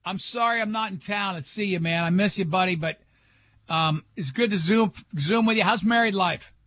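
A man's voice: high voice, normal speed, fairly bright tone. A man hosting a radio show, telling stories with a laugh and acting out the people in them. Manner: laughing storyteller, acts out quoted voices. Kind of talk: casual radio chat.

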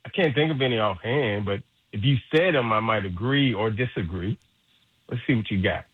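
A man's voice: fairly low pitch, normal speed, narrow, tinny audio. A man from Ocala, Florida, co-hosting a radio talk show and chatting easily, with short agreeing murmurs, on a studio microphone. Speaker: radio co-host. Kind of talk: casual radio banter.

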